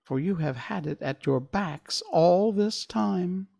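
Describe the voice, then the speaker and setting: A man puts on a tiny, kindly mouse queen in a storybook reading, her voice pushed far up into a thin squeak. She talks fast and helpfully, rising and falling in lively swoops. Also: creaky, exaggerated voice. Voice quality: squeaky, very high. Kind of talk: storybook read-aloud.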